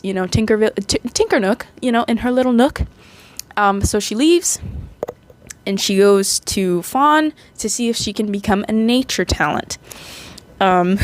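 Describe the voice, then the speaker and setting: A woman's voice: mid-range voice, dry recording. A young woman casually recapping a movie, chatty and rambling, with frequent restarts and playful asides.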